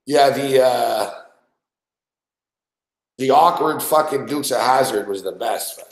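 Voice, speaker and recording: A man's voice: mid-range voice, slow pace, gravelly, reverberant, rough recording. A man hosting a sports betting show, telling profane, laughing stories about guests in casual studio banter. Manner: profane, storytelling, laughs often.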